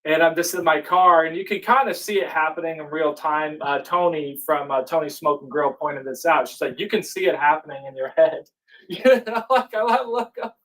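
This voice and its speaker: A man as a podcast guest, talking in a reflective, halting way. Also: fairly high pitch, fairly bright tone, recorded from a distance, poor audio. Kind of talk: casual chat.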